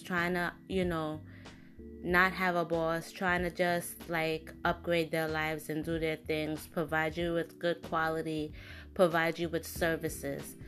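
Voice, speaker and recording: Slow-talking, frank woman host. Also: on the low side, a bit bright. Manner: frank and indignant, talks with many fillers and restarts. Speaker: podcast host. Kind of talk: casual opinion monologue.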